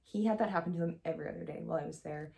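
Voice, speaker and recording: A young woman recounts a personal story in a loose, chatty vlog manner, her lowish voice catching with a gravelly rasp at the ends of phrases. She rambles candidly, stacking fillers as she goes. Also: racing, darkish tone. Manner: chatty, heavy use of "like" and "um", candid. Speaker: vlogger. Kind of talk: casual storytelling to camera.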